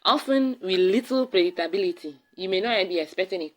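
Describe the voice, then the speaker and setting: This parenting vlogger, who has a Ghanaian English accent, talks briskly to camera with hardly any pauses, her mid-range voice full of lively intonation. She gives casual advice to moms-to-be, repeating key words for emphasis, on a rough recording.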